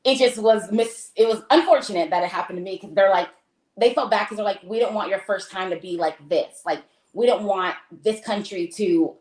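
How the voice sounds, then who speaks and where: A woman's voice: medium pitch, normal speed. American woman telling a story in a chatty way, does the voices of people she met, echoey room. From United States. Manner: animated, acts out quoted dialogue, many fillers. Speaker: guest telling a travel story. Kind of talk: casual storytelling. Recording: roomy echo.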